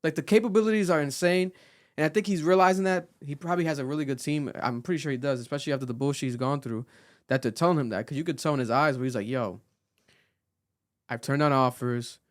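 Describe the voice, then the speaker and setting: A man on a podcast, talking in a loose, animated way with many fillers and restarts. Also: fairly high pitch, racing, no echo, studio quality. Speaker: podcast co-host. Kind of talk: casual podcast chat.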